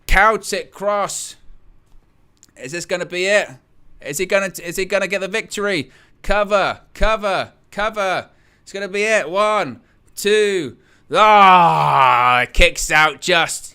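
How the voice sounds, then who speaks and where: Male watch-along host, fairly high and sharp voice, excitable, exclamatory. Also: smooth. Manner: excitable, exclamatory, repeats phrases. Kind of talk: live reaction commentary.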